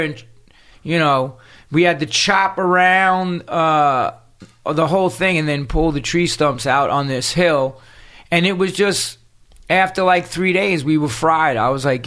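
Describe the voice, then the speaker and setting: At normal speed, this higher-voiced man spins profane, animated street-talk stories as a New storyteller. The punk singer is a podcast guest, and his tales come out during a casual interview.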